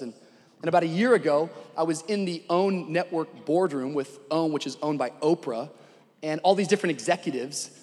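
A male pastor preaching a sermon, moving from conversational storytelling to loud, urgent exhortation. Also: on the high side, breathy edge, in a large hall.

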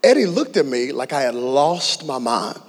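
A man in his thirties preaching a sermon as pastor, telling stories with humor and rising to shouts. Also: mid-range voice, big pitch swings, moderate pace, husky. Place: large church hall. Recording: long hall reverb.

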